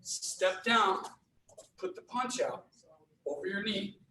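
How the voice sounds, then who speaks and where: A man's voice: high-pitched, expressive, takes it slowly, bright, forceful tone, roomy sound, far from the mic, a little hiss or hum, rough recording. A man teaching a beginners' karate class, talking through moves with many restarts and "right?" checks. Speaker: karate instructor. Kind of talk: online class instruction.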